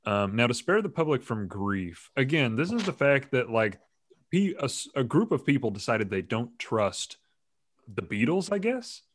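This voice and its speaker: A man's voice: medium pitch, very animated, normal speed, slight background noise. A man hosting a casual podcast chat, rambling and joking, often laughing mid-sentence. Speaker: podcast host.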